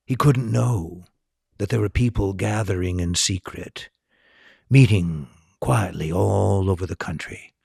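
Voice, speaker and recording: A man reading a storybook aloud as host, slow and expressive. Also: sits low, gravelly, slightly rough, dry recording, studio quality.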